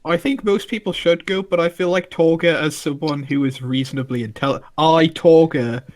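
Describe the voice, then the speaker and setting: Eager higher-voiced male player. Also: fairly even intonation, a little fast.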